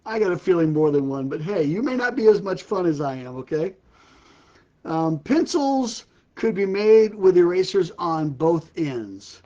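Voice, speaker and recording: Here the older man's voice is high with big swings in pitch, a warm tone and a slightly slow pace. Hosting his ministry's casual live stream on a live-stream setup, he trades in puns and repeatedly laughs at himself, though the recording has its highs cut off.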